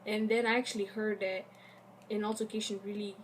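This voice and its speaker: A young woman vlogger telling a casual storytime, animated and acting out the quotes of the people in it. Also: mid-range voice, fairly quick, a little hiss or hum.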